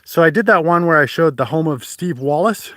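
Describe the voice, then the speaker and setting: Guy rambling to his phone on a steep hike outside, a bit out of breath, slightly high voice. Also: expressive, brisk, pushed and bright, no echo. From Canada. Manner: chatty and rambling, with many restarts and laughs. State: breathing hard from the climb. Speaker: hiking vlogger and livestream host. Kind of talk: casual livestream chat while hiking. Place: outdoors on a mountain trail. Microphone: phone held at arm's length.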